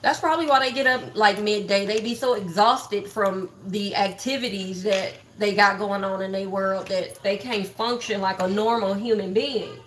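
A woman from Texas, with a medium-pitched, fairly bright voice, speaks at a moderate pace with fairly even intonation and hardly any pauses, over slight background noise. On her casual livestream she gossips bluntly and profanely to viewers about online drama.

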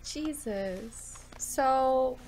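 A woman's voice: high-pitched, very slow, a crowd in the background. A woman streaming a video game, chatting emotionally to viewers and swearing a lot. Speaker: gaming streamer. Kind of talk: casual let's-play commentary. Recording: game music behind voice.

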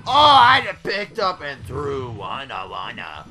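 Brash, profane man yelling over gameplay. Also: mid-range voice, slow. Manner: brash, profane, excitable trash talk; loud outbursts and yelps. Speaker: gaming YouTuber. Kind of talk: let's play commentary.

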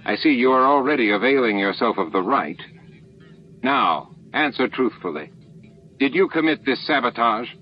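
A man doing a dry, measured judge. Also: mid-range voice, expressive, dull audio, slight background noise, lightly acted.

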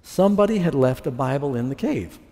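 In a big-room setting, a man preaches his testimony with a dark, expressive mid-range voice, moving fairly quickly. As he recounts his past, he performs his own earlier words like a storyteller.

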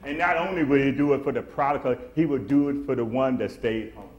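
A man's voice: medium pitch, fairly quick, lo-fi sound. A man preaching a sermon, swelling into emphatic, acted-out quotes in a church. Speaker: pastor. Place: church sanctuary. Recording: echoey church room.

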